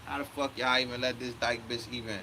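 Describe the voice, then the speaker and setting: Guy in his 30s ranting, cussing a lot, mid-pitched voice, steady noisy hum behind him. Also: a little fast. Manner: profane, heated, quotes himself a lot. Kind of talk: casual storytelling rant.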